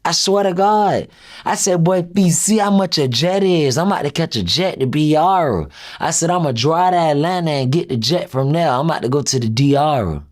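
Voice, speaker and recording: A man's voice: on the high side, normal speed. A young man being interviewed as a rapper, casually retelling a story and acting out what each person said. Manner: animated retelling, acts out quoted dialogue.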